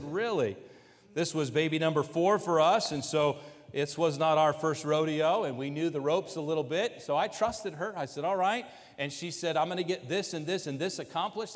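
A man with a slightly raised voice tells a personal family story, animated and full of quoted exchanges. His voice rings through a large hall with a long, trailing reverb. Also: fairly high pitch. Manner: animated, quotes others in lively asides. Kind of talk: personal story told to an audience.

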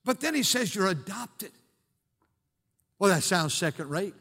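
Older male pastor preaching, high, ringing voice, goes from shouts to hushes, long echo of a church hall. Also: animated, unhurried. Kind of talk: sermon. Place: church sanctuary.

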